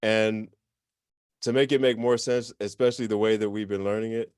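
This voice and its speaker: A man with a fairly low, smooth and resonant voice leads a beginner language class. He explains things casually and keeps stopping to correct himself. The sound is dry and close to the mic. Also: moderate pace, dry recording. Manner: relaxed, self-correcting, chatty explanations. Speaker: language teacher. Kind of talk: informal online class.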